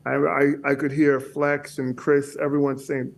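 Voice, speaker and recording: A man guest telling a story on a casual podcast, halting and often repeating his words. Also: mid-range voice, little pitch movement, vocal fry, slight background noise. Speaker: guest bodybuilder.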